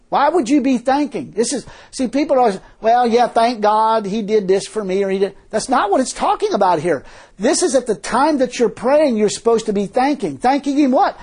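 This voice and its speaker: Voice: mid-range voice, expressive, normal speed, a little mellow, slightly rough. A preacher giving a sermon in a folksy, emphatic, colloquial way, full of rhetorical questions.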